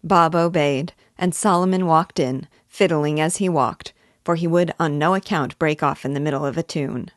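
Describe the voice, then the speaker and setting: Low-voiced woman reading a novel aloud. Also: dry recording, clean studio sound. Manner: measured, expressive reading. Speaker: literature teacher.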